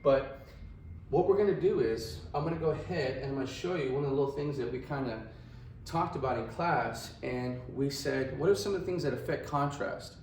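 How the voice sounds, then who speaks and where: A man's voice: medium pitch, brisk, a little mellow, echoey room, distant mic, slight background noise, rough recording. Chatty male radiography teacher. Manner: chatty, asks "right?" often. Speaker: radiography instructor. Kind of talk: casual classroom lecture.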